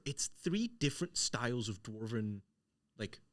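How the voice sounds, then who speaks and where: A man narrating as game master in an animated, dramatic way. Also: lowish voice, normal speed, no echo.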